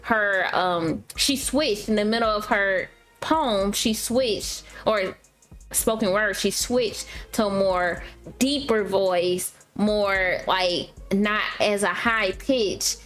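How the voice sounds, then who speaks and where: A woman co-hosting a podcast in casual chat, thoughtful and unhurried, often trailing off with fillers. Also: mid-range voice, a bit bright, faint music behind. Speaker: podcast co-host.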